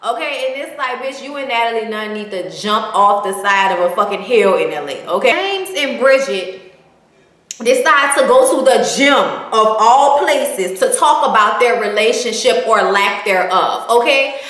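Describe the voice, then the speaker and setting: A sassy woman with a high voice dishes on a reality show, cursing freely and tagging her lines with "okay?". She talks in a loose, casual way. The room around her sounds echoey. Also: animated, moderate pace, a bit bright. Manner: sassy, profane, says "okay?" constantly. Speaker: reality TV recapper. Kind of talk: casual recap commentary.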